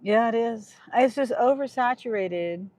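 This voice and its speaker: Woman streamer, slow unhurried talk, chatting with viewers, a bit irritable. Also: a little high, a little mellow, no room sound. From Kansas. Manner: talks to chat, irritated, trailing off. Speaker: livestreaming gig delivery driver. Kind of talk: casual livestream chat.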